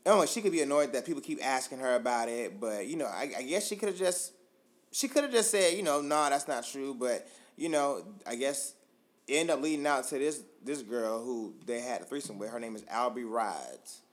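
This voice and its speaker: A man's voice: medium pitch, animated, a little fast. A man co-hosting a casual chat, telling stories loosely with lots of fillers, restarts and swearing. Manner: loose, profane, filler-heavy storytelling. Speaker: podcast co-host.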